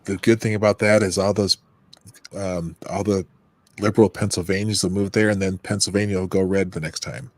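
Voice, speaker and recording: A man with a fairly low voice and a dry, close sound. He chats on a stream in an easygoing way and teases the others now and then. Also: fairly even intonation, fairly quick, no room sound. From Minnesota. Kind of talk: casual chat.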